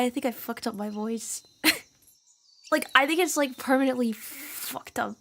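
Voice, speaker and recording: A woman streamer talks off the cuff in a high voice. She rambles, giggles often and swears casually. Faint noise hums behind her. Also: moderate pace, fairly bright tone. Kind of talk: casual live-stream chat.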